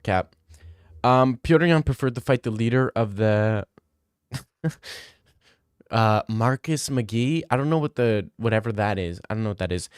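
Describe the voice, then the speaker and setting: A man's voice: lowish voice, expressive, takes it slowly, vocal fry, long pauses, darkish tone, clear, resonant tone, no echo, studio quality. A young man streaming and reading out viewer messages in casual chat, laid-back and blunt, swearing freely.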